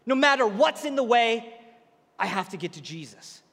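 A man preaching a sermon, retelling a story with lively, acted-out quotes. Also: very high-pitched, normal speed, big-room sound.

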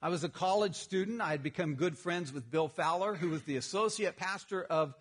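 A man's voice: high-pitched, a little fast, husky. A man preaching a sermon, telling a humorous personal story and then addressing the congregation. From Texas. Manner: storytelling, self-deprecating humor. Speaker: pastor.

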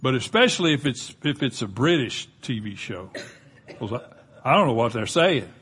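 A man's voice: mid-range voice, big pitch swings, normal speed, a bit bright. An older man with a Southern US accent preaching a sermon, folksy and conversational, with touches of humor. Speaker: pastor.

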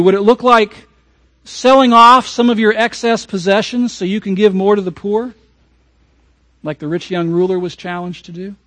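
A pastor delivers his sermon in a high, light man's voice, pressing hard on key words and then dropping to near-hushed asides. The recording is close and completely dry, with no room sound behind him. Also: no echo. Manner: emphatic preaching, swings from raised to hushed.

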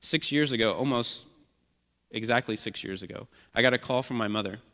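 A male pastor delivering a sermon in an earnest, measured voice of middling pitch, circling back to key phrases for emphasis. His words ring out with a long reverb tail, as if recorded in a church sanctuary. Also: a bit bright. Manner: earnest, repetitive preaching cadence.

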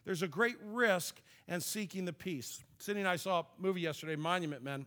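A man's voice: high voice, fairly quick, fairly bright tone. Conversational male pastor preaching. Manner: conversational, storytelling, with light laughs and restarts. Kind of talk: sermon.

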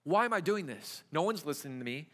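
A man's voice: fairly high pitch, sing-song, fast, fairly bright tone. A young adult man, a youth pastor, preaching a conversational sermon full of rhetorical questions in a church. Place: church sanctuary. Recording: church hall reverb.

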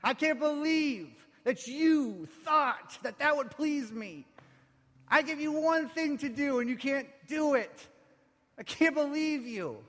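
A man's voice: very high voice, expressive, slow pace, a bit bright, pitched above the performer's own voice, full character voice. A preacher voicing a harsh, contemptuous father who scolds and accuses. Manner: sneering, accusing. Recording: echoey hall with faint music.

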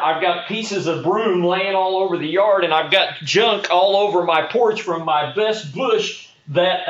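A pastor in a roomy hall tells a lively anecdote and then preaches, his voice a touch higher than most men's. He speeds up through the action and leans on words for effect. The sound is echoey and a little dull. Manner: animated storyteller, speeds up in action. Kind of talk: sermon with storytelling.

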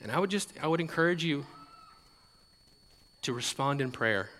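A male pastor preaches in a casual, conversational way, stumbling over repeated words and chuckling now and then. His voice is bright and forceful, and it is a little higher than most men's. A long hall reverb trails every phrase. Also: lively intonation, moderate pace. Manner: conversational, repeats words, laughs lightly, acts out quotes. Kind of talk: sermon.

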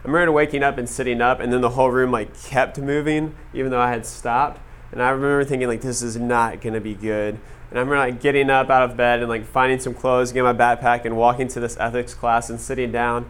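Animated man telling a story to an audience. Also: mid-range voice, fast talker, smooth. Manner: casual, animated, filler-heavy storytelling with "like". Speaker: speaker addressing an audience. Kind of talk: storytelling talk to a live audience.

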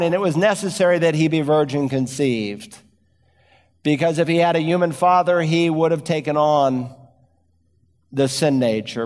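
Preacher with a high-ish voice in a reverberant hall. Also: male voice. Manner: storytelling preacher, varied emphasis, slows for key words. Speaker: pastor. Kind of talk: sermon.

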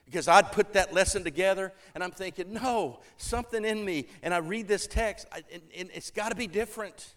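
A man's voice: high-pitched, fairly even intonation, brisk, hardly any pauses, a bit bright. A man preaching a sermon to a church congregation, earnest and emphatic, building to fervent appeals.

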